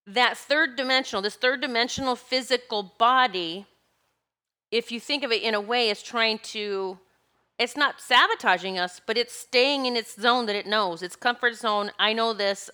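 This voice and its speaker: A woman's voice: mid-range voice, bright, forceful tone, clean tone. A woman giving a casual spiritual talk, rambling and searching for words, with laughs between her thoughts. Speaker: spiritual speaker.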